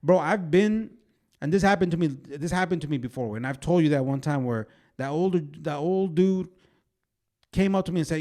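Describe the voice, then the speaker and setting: A man in his twenties co-hosting a podcast, telling animated stories in casual chat full of fillers like "way" and "bro". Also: fairly high pitch, normal speed. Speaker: podcast co-host.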